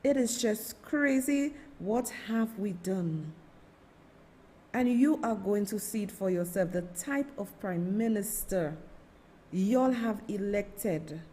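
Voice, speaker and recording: Woman commentator, high lively voice, slow impassioned delivery. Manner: impassioned, ranting, indignant. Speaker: political commentary host. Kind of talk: live political commentary.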